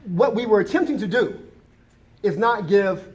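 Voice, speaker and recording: A man's voice: high voice, lively intonation, moderate pace, darkish tone. A man, a college diversity administrator, giving impassioned remarks at a campus forum, emphatic and repeating his key points.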